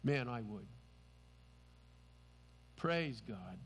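A man's voice: mid-range voice, animated, extremely slow, big-room sound, slight background noise. A man preaching a sermon as pastor, earnest and emphatic.

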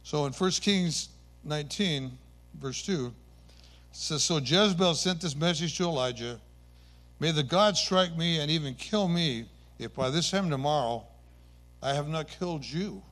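A man's voice: a little high, a little slow, fairly bright tone. A man preaching a sermon, retelling scripture stories with earnest emphasis and occasional self-corrections.

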